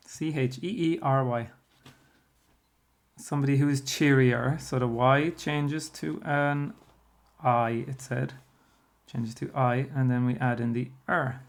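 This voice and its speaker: Here an Irish primary teacher with a mid-range voice takes pupils through their spelling workbook, explaining things calmly and evenly and pausing on fillers as he works out what to say.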